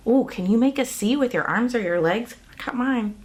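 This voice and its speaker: A woman's voice: on the high side, animated, brisk, darkish tone. A woman teaching an online kindergarten music class from a music room at home, talking to young children in a cheerful, sing-song way with simple songs and counting.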